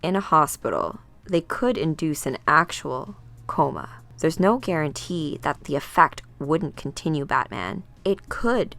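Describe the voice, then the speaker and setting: A woman voicing a calm, commanding woman coordinator who speaks in a measured, controlled way. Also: low voice, gravelly, heavily acted.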